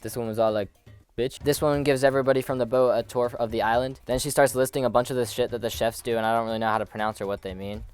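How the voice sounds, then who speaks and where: A man's voice: mid-range voice, fairly even intonation, clear, resonant tone, soft background music. A man narrating a comedic movie recap, sarcastic and profane. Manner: sarcastic, profane, rapid-fire.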